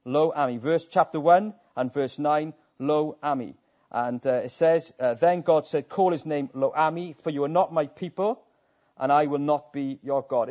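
A man preaches with earnest conviction, his voice sitting a little high for a man and rising into impassioned stretches. The recording is dull and lo-fi. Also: darkish tone. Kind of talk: sermon. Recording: dull lo-fi sound.

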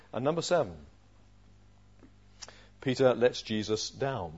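A male preacher giving an expository sermon, asking rhetorical questions and swinging from loud emphasis to a hushed voice. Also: on the high side, animated, moderate pace. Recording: dull lo-fi sermon recording.

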